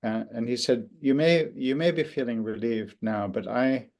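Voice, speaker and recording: An older man giving an interview, speaking reflectively and haltingly, with many restarts and pauses. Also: mid-range voice, creaky, darkish tone. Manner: thoughtful, halting with frequent restarts and fillers. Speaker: interview guest, author.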